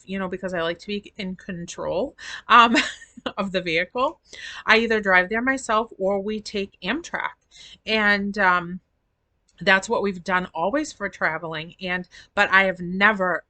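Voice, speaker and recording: A woman's voice: mid-range voice, bright, forceful tone, dry recording. A middle-aged woman vlogging in a rambling, chatty way, feeling sick with a sore throat. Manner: chatty, rambling, affectionate to viewers. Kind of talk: casual chat to camera.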